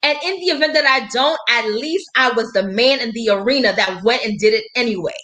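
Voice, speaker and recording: Emphatic, fairly high-voiced woman coach. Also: a bit bright. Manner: emphatic, preachy, quotes scripture, laughs between points. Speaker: life and business coach. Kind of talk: motivational live-stream talk.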